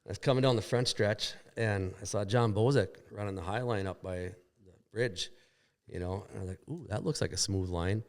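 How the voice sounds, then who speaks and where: A man with a lowish, fairly quick voice is a podcast guest casually telling a long story about a crash at a shop, rambling and profane as he acts out what people said.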